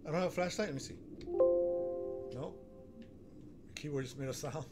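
A man giving nervous, excitable running commentary while playing a horror game, gasping and talking himself through it. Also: on the high side, moderate pace, over loud music. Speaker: gaming streamer. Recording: noticeable background noise.

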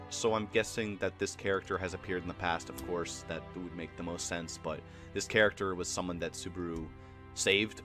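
A man recapping an anime episode in an exasperated, profane rant. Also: fairly low pitch. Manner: profane, exasperated, animated ranting. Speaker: anime reviewer.

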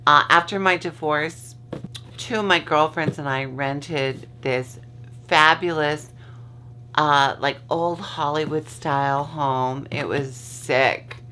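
A woman's voice: deep voice, fairly even intonation, slow, pushed and bright, slight background noise. A woman vlogger chatting casually from her bed at home, rambling, losing her train of thought and swearing freely. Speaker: vlogger host. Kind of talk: casual chat.

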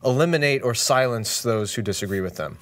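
A man's voice: medium pitch, animated, fairly quick. A man co-hosting a casual podcast chat, explaining terms in a dry, careful way. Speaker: podcast co-host.

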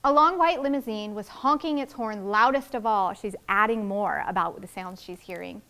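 A woman teacher reading a story aloud to second graders and explaining its writing in an expressive, friendly way. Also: medium pitch, moderate pace. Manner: expressive, explaining to young children.

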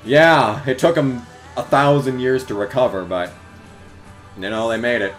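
A man's voice: medium pitch, normal speed, faint music behind. A man reading fanfiction aloud for laughs, with sarcastic, profanity-filled commentary between the lines. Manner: sarcastic, swears a lot.

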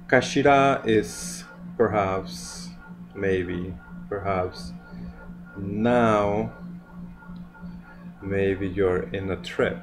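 A man giving a language lesson, slow and explanatory, with frequent fillers. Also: fairly low pitch. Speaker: language teacher.

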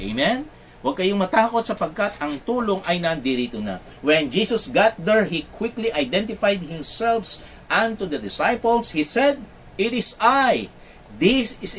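A man with a Filipino accent preaching a sermon and switching between two languages, emphatic and rhythmic. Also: high voice. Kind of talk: bilingual sermon. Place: church. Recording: church service from a distant mic, faint noise.

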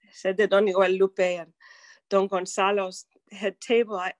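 An older woman telling a personal story in a slow, deliberate way, dropping to a whisper at tense moments. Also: medium pitch, little pitch movement, no echo. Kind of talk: personal story told to an audience.

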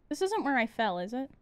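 A young woman streaming a game, chatting casually, laughing often and yelling at the game. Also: on the high side. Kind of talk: casual gameplay commentary.

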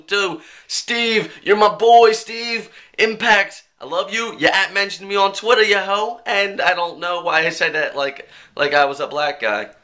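A young man talking to his webcam in a casual vlog, joking and swearing as he rants and mimics people in quick bits. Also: high voice, sharp tone. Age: young adult. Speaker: vlogger.

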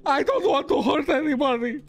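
A woman's voice: high-pitched, fairly quick, a crowd in the background. A woman voicing a desperate male fugitive holding a knife, speaking broken English and pleading over and over in an improvised game role-play.

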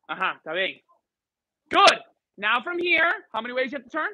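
A man's voice: extremely high pitch, animated, fairly quick, pushed and bright, slight background noise, poor audio. A man teaching a live salsa class, counting beats and calling cues in Spanish and English to the dancers. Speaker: salsa instructor.

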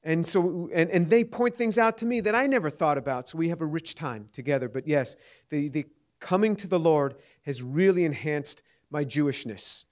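A man's voice: a little high, moderate pace. A man in his fifties giving earnest answers to audience questions at a lecture, often restarting words. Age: 50s.

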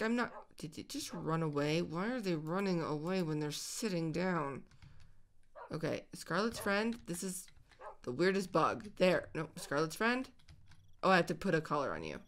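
A woman hosting a video game let's-play, chatting excitably and squealing over the pets she finds. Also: mid-range voice. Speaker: host.

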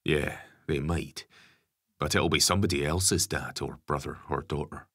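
A man's voice: extremely low pitch, normal speed, no echo, clean studio sound. A man playing a stubborn, resigned dad. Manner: calm, plain-spoken. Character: stubborn ex-convict father, gruff and resigned.

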